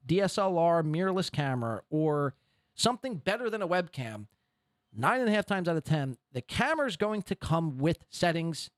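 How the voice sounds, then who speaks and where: A podcast host with a high, very lively voice. He talks in a sarcastic, mocking way and rants as he picks apart what he has just heard. The sound is close and dry. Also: no room sound. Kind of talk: commentary on a played clip.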